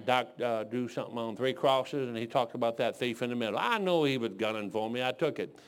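A man's voice: medium pitch, brisk, clear, resonant tone. Man, 60s, from Detroit, preacher, folksy sermon, joking storyteller.

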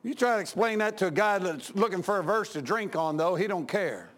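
A man preaches in a folksy, anecdotal way. His voice sits high and leaps all over the place. He jumps from loud outbursts to quiet, confiding asides. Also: expressive, fairly quick. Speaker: pastor.

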